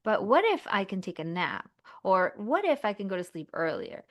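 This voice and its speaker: A woman talking casually as a podcast guest, acting out inner voices in lively asides. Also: mid-range voice, moderate pace.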